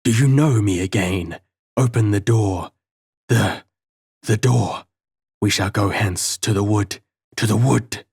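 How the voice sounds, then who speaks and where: A man voicing a hoarse, stammering male demon who cackles and repeats his words. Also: on the low side, slow pace, long pauses, darkish tone, no echo, clean studio sound, exaggerated voice. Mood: mocking.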